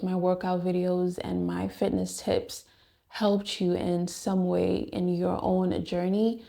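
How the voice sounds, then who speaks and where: A woman's voice: medium pitch, creaky, mellow. A young woman fitness vlogger giving a heartfelt, encouraging talk to her viewers, repeating phrases for emphasis. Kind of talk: heartfelt motivational talk to camera.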